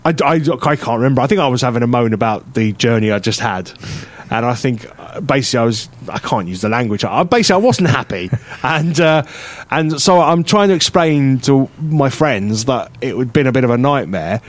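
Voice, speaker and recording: A man spinning a long, meandering story on a radio show, piling up fillers and false starts as he goes. His voice sits at an ordinary middle pitch, and his delivery stays easygoing. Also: animated, brisk, few pauses, dry recording. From England. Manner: rambling anecdotal storytelling with frequent fillers and laughs. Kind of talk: casual chat.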